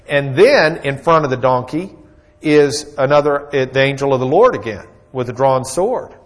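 A man's voice: medium pitch, animated, moderate pace. A man teaching a Bible lesson in a folksy, joking storytelling way, with plenty of fillers.

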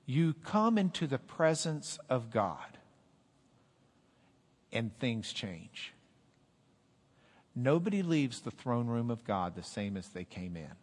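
A man preaching a sermon as pastor, rising loud and high when he quotes scripture and dropping low and quiet to explain. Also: big pitch swings, slow pace, pauses often. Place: church sanctuary. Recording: echoey hall.

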